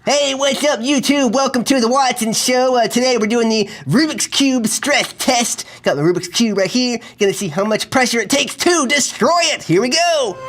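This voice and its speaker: A man voicing a goofy, excitable young puppet guy who jokes and overreacts in a kids' puppet comedy. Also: extremely high pitch, normal speed, few pauses, music in the background. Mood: vlogger hype. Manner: clumsy, dramatic, joking. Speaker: puppet vlogger.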